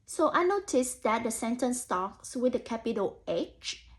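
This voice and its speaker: A slightly high female voice with big pitch swings and an unhurried pace belongs to a young student teacher. She reads a picture book to children, thinking aloud warmly, talking to imagined kids, and often saying "so" and "mm."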